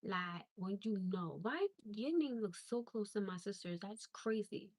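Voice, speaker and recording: A woman's voice: mid-range voice, expressive, unhurried, a little mellow, slightly rough, no room sound. Blunt, exasperated woman ranting on a livestream. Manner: blunt, exasperated, emphatic with rising disbelief. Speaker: livestream host. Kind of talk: casual livestream rant.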